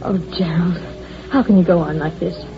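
In a dull, lo-fi old radio recording with faint music underneath, an actress performs 1940s-style radio drama as a sharp-tongued secretary caught between loving and hating her boss. Her voice sits on the low side with fairly even intonation, a natural quality, and normal speed, and her mood is pleading.

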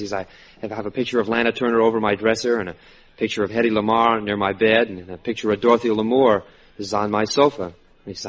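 A man pitching jokes on a radio panel, stammering and repeating "he says" as he retells each gag. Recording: muffled old radio broadcast with studio audience.

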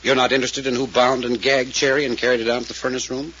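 An actor playing a brisk detective questioning witnesses, in 1940s radio style. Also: male voice, mid-range voice, level tone, a bit bright, lightly acted. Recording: muffled old radio recording with hiss.

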